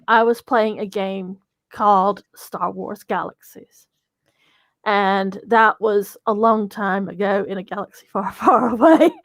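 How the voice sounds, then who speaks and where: A woman tells her story at an unhurried pace, chatty and quick to giggle. Her voice sits somewhat high, and the sound is dry and close. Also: no echo. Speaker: guest, company co-founder. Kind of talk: storytelling in an interview.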